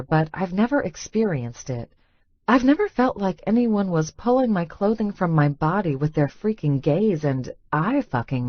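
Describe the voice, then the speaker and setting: A woman narrating a first-person romance audiobook with a wry, expressive inner monologue. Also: fairly low pitch, no echo, muffled recording.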